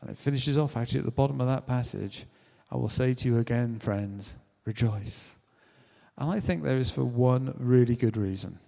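A British man from Britain delivers a sermon in a relaxed, conversational style, animating his stories with little acted-out voices for the quotes. His mid-range voice is mellow, dark and creaky, moving at a moderate pace. A large hall gives the sound a long, ringing echo.

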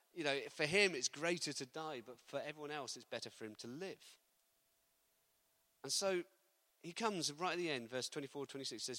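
A man preaching a sermon, lively and building to loud, emphatic delivery. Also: medium pitch, dry recording.

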